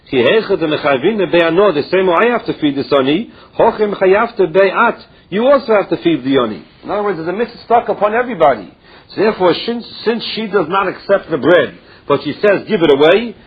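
A man's voice: sits high, breathy edge. A man teaching a Talmud class, reading Aramaic phrases and explaining each one in plain English. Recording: dull lo-fi recording.

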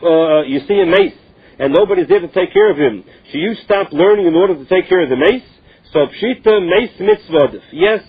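A man's voice: high voice, husky. Man teaching Talmud over a tinny line. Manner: reads Aramaic phrases then explains in English. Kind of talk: Talmud lesson, reading and translating line by line. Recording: tinny phone-line recording.

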